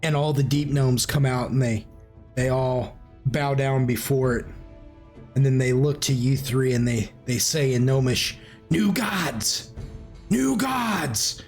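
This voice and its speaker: With soft music in the background, a medium-pitched male game master leads a tabletop session at an unhurried pace. He spins stories loosely and animatedly, rambling and frequently laughing.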